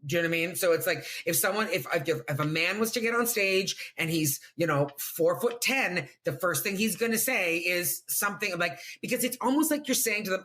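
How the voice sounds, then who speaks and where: A woman from Canada, a stand-up comedian, telling jokes in a casual podcast chat, laughing and swinging her pitch widely. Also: brisk, hardly any pauses. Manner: animated, laughing storyteller with big swings of pitch.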